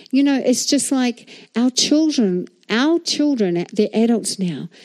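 A middle-aged woman with a New Zealand accent preaching a lively sermon, often calling out to her listeners for a reply. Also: on the high side. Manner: animated, asks the crowd for replies.

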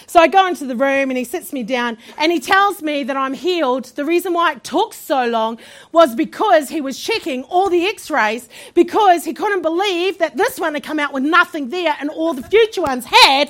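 A woman pastor telling her own story in a sermon, animated, with laughing asides. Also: high voice, normal speed. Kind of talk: sermon testimony.

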